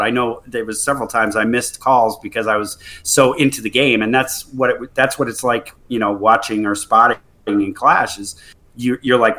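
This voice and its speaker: Bright-voiced man chatting about gaming. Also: medium pitch, normal speed. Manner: rambling, many fillers and restarts. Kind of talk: casual gaming chat.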